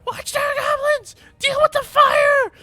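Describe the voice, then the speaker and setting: A man voicing small, frantic goblin soldiers who shriek and shout in alarm during a tabletop game. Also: little pitch movement, a little slow, no room sound, heavily acted. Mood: panicked. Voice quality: shrill shouting.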